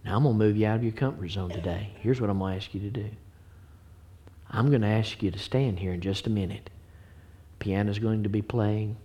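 A man's voice: lowish voice, fairly quick, slight background noise. Earnest preacher man giving an altar call. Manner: earnest pleading, swings from hushed whispers to loud exhortation. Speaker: pastor. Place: church sanctuary. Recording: faint piano music behind.

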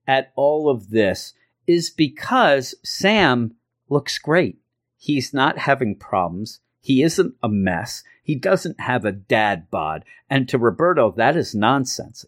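A man's voice: mid-range voice, very animated, takes it slowly, a bit bright. A man casually recapping a comic story with a conversational, rambling, amused delivery. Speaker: comic book reviewer.

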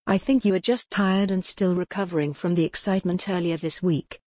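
A woman puts on a composed young man in an audiobook, with a lowered, soft voice. He speaks evenly and reassuringly, close to the mic in a dry room. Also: a little fast, no room sound, natural voice. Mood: calm. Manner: calm, soothing. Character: calm, smooth-talking young man, reassuring.

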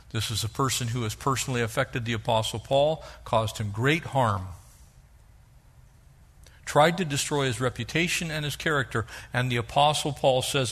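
A middle-aged male pastor preaching a sermon, animated, acting out the voices he quotes. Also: medium pitch, moderate pace.

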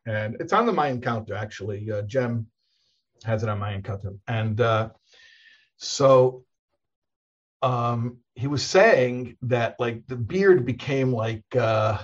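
A man's voice: mid-range voice, slow pace, muffled recording. A man, a rabbi, talking casually in a conversation, telling stories in a rambling way with many restarts and laughs.

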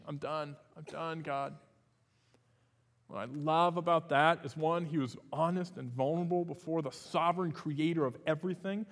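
Give me a male pastor preaching a sermon in a casual, conversational manner, full of ums and restarts. His voice sits a bit high for a man. The recording carries the long reverb of a church hall. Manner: conversational, with many fillers and restarts.

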